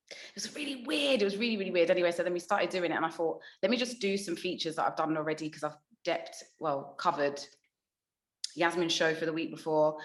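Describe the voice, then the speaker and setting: A woman, a radio DJ, chatting casually as a podcast guest, swearing freely and acting out what she and others said. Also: deep voice. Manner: swears freely, acts out her own past quotes in storytelling. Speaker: radio DJ and breakfast show host, podcast guest. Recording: echoey room.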